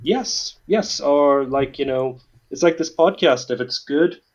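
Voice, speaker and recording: A man's voice: mid-range voice, measured pace. A man with a Northern Irish accent hosting a casual podcast chat, telling a story with dry jokes and plenty of fillers. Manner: dry, joking, many fillers. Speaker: podcast host. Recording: dull lo-fi sound.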